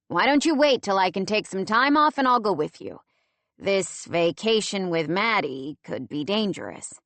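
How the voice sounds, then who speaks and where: A woman's voice: mid-range voice, animated, moderate pace, no echo. Woman reading a pressing, worried boyfriend. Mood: insistent. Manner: pressing, then gently pleading. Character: insistent grown man, a worried boyfriend.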